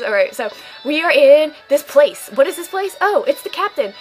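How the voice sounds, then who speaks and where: A woman's voice: on the high side, animated, fairly quick, fairly bright tone, soft background music, rough recording. A woman giving casual, sarcastic commentary over a game playthrough, playfully mocking the characters. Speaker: gaming channel host.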